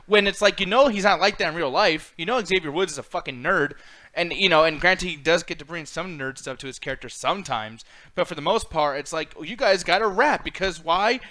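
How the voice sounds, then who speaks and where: A high-pitched man with a bright, forceful voice rants through a casual wrestling podcast. He swears freely and swings between loud outbursts and mutters. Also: quick pace. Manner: profane ranting, swings loud and quiet. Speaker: podcast co-host. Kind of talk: heated casual wrestling chat.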